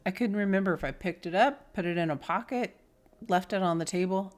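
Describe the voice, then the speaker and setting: A woman giving a spiritual tarot reading, telling a personal story in an earnest, heartfelt way and sometimes dropping to a soft whisper. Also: on the low side, brisk. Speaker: tarot reader.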